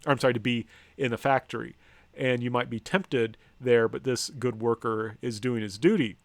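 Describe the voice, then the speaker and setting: A man's voice: medium pitch, fairly even intonation, normal speed, no room sound. A man giving a lecture from slides, speaking conversationally with frequent ums, restarts and wry asides. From United States. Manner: conversational, hesitant, many ums and self-corrections.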